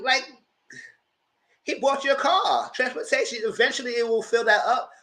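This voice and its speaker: A man's voice: extremely high pitch, normal speed, sharp tone. A man giving casual, slangy, gossipy commentary while reviewing reality TV. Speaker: TV show reviewer.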